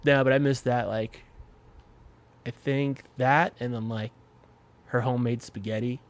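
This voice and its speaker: A man's voice: medium pitch, fairly even intonation, unhurried. A man speaking as a podcast guest in casual conversation, candid and emotional, swearing freely and close to tears. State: tearful.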